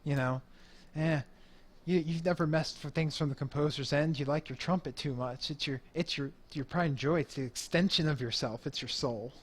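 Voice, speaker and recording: A man's voice: fairly high pitch, normal speed. A man narrating as game master, rambling with fillers and restarts.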